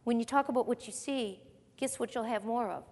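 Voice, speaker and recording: A woman's voice: on the high side, fairly quick, a little mellow. A woman pastor preaching a sermon, reading scripture aloud and asking emphatic rhetorical questions to her congregation. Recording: long reverb of a large hall.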